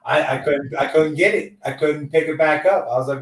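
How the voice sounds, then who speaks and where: A man hosts a casual podcast chat in a slightly high voice, rambling loosely from one thought to the next. He sits back from the mic in an echoey room, so his voice sounds distant and roomy. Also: fairly even intonation, brisk. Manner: loose and rambling, says "dude" often. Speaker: podcast host.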